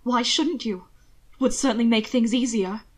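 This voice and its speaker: A woman's voice: fairly high pitch, normal speed, close to an everyday voice. A woman voicing a frightened but defiant young husband in an audiobook reading of fan fiction, with a tense, raised delivery.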